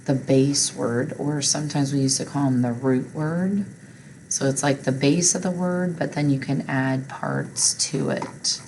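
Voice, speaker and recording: Low mellow lady teacher, slow and patient, bit of room hiss. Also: steady tone, rough recording. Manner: patient, step-by-step explaining. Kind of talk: recorded reading lesson.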